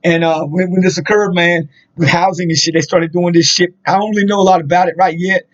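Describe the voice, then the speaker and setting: A man's voice: high voice, fairly even intonation, a little fast. A man, telling a rambling, profane story in a casual monologue, full of fillers. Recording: dull lo-fi sound.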